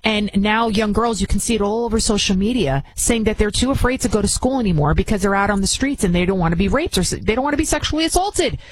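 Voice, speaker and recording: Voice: medium pitch, no echo, low-quality recording. A commentary show host talking in an indignant, rambling way with many restarts. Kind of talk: opinion commentary.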